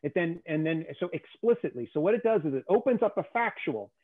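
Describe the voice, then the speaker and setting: Brief: male guest, slightly high voice, emphatic explainer, thin telephone-like sound. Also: sing-song, fairly quick. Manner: emphatic, keeps checking in with "okay?". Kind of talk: conversational lecture on theory. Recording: tinny phone-like call audio.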